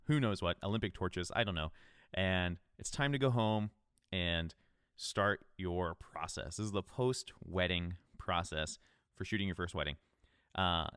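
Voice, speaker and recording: Podcast host, male, low clear voice, relaxed coaching talk, dry close mic. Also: no room sound. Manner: casual, conversational, upbeat coaching. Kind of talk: solo podcast advice talk.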